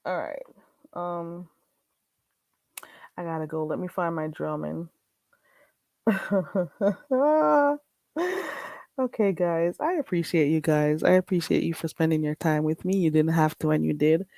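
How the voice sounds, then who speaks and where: A woman's voice: low voice, takes it slowly, vocal fry, pauses often, mellow, dry recording. A woman with a Caribbean accent, chatting bluntly and casually with viewers as a livestream host. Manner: blunt, chatty, frequent laughs. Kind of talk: casual live-stream chat.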